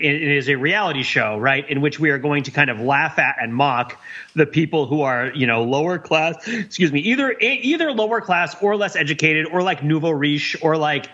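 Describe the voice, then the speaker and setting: Male podcast co-host, bright and forward, wordy analyzer, lo-fi sound. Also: on the high side. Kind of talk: casual chat.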